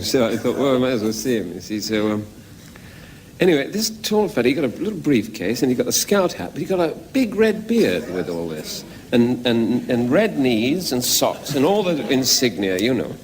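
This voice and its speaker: A man's voice: mid-range voice, a little mellow. Chatty older man with background noise. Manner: chatty, acts out voices. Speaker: interviewee. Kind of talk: anecdote telling.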